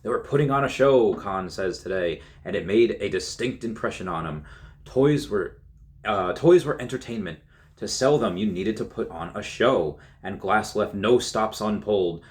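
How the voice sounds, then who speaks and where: A young YouTuber reads a magazine story aloud, frequently pausing to laugh and throw in casual remarks of his own. His voice is on the low side, at a moderate pace with few pauses.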